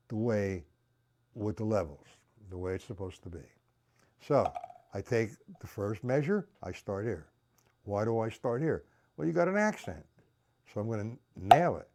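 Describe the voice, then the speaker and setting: A man runs a live-streamed drum lesson, counting each beat aloud and breaking it down step by step. He talks bluntly and keeps asking viewers if they follow. His voice moves through a lively range of pitch. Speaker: drum teacher.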